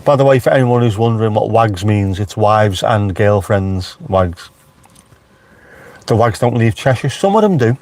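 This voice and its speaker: A man's voice: lowish voice, expressive, normal speed, a little mellow, no echo. A man with a Liverpool accent, chatting casually on a live stream from inside his car with wry asides to viewers. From Merseyside, England. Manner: chatty, wry, talks back to live chat.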